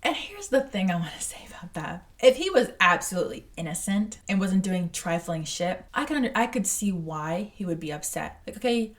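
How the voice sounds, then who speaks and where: Animated, foul-mouthed young woman reacting to a film. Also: lowish voice, fairly quick, hardly any pauses, far from the mic. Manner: animated, blunt, swears freely. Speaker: movie reaction creator. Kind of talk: casual movie reaction commentary.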